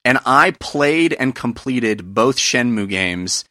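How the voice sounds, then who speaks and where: Guy hosting a gaming podcast, bright tense voice, earnest and reflective, dry close sound. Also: medium pitch, lively intonation, slow pace, no room sound. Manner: earnest, reflective, talks things through. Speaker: podcast host. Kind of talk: casual podcast chat.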